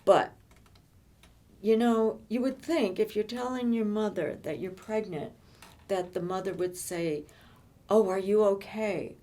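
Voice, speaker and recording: An older woman telling her own life story in conversation, halting and often repeating words as she restarts. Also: mid-range voice, warm tone. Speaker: interviewee.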